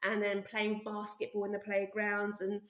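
A woman teacher telling stories in an interview, lively and quick to act out what she said back then. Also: mid-range voice, roomy sound. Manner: lively, acts out her own past remarks with bursts of excitement. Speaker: art teacher and interview guest. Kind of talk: animated storytelling in an interview.

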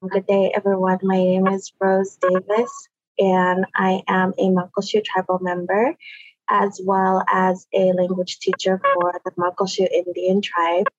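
A woman from the Pacific Northwest speaking as a guest language teacher, telling her story in a relaxed, casual way full of "you know" and "um". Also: mid-range voice, a little slow, no echo. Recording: slightly dull lo-fi audio.

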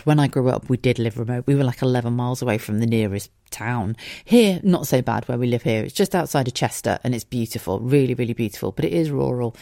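A woman's voice: extremely low pitch, a little mellow, no echo, clean studio sound. A woman, hosting a casual solo podcast from home. She rambles chattily, swears freely and laughs often. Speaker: podcast host.

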